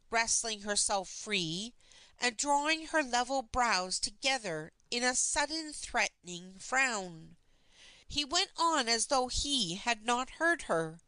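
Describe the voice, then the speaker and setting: A woman narrating an unabridged classic novel as an audiobook, in a measured, expressive storytelling manner. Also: on the high side, smooth, dry recording, low-quality recording.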